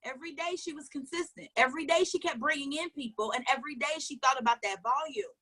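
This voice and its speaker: A woman with a high, bright voice gives a motivational coaching talk. She talks emphatically, fires question after question, and repeats her points. Now and then she drops into low asides. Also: quick pace. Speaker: network marketing coach.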